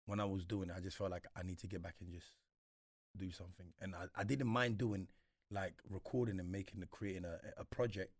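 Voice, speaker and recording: A man's voice: sits low, fairly even intonation, brisk, no room sound, clean studio sound. A man, a guest in a casual interview, talking reflectively with slang and frequent repeats. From Congo.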